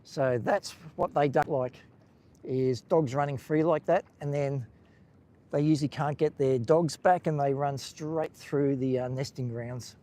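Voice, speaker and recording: A man's voice: medium pitch, measured pace, warm tone. A man with an Australian accent, hosting a casual live stream while walking outdoors along a beach, chatting with viewers in a rambling way and talking into a handheld phone.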